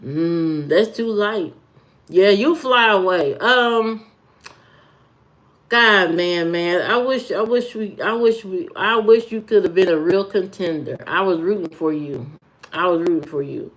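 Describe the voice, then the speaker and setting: Woman, live stream host, casual chat, teasing, rambling with fillers. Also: mid-range voice. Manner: chatty, teasing, full of fillers and repeats.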